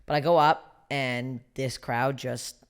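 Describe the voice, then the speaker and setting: A woman with an unusually deep voice, a guest comedian telling profane, animated stories in a casual podcast chat. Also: slow, clean tone.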